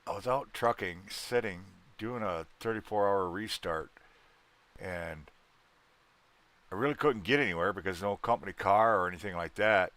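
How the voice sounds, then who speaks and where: A man's voice: sits low, normal speed, a bit bright. A man from Wisconsin chatting casually with his livestream viewers in a rambling, folksy way, with a salty word here and there.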